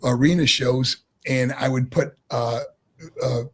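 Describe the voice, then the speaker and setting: A middle-aged man from New York telling lively stories as an interview guest and laughing often. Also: mid-range voice, takes it slowly, slightly rough. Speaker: guest, former pro wrestler. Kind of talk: casual interview storytelling.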